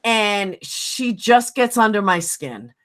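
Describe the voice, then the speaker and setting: A woman's voice: medium pitch, big pitch swings, slow, fairly bright tone. A woman with a New York accent hosting a livestream chat, telling heated stories bluntly and swearing freely. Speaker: livestream host.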